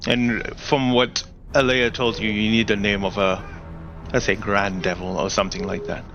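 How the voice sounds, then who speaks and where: A man's voice: on the low side, level tone, moderate pace, lo-fi sound, music in the background. A man narrating a tabletop game as game master, describing scenes in a rambling way with plenty of fillers.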